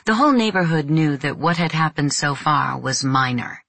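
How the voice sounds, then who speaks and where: A woman with a low, gravelly, husky voice reads a novel aloud as an audiobook narrator. Her storytelling is measured and even, and the recording has no echo.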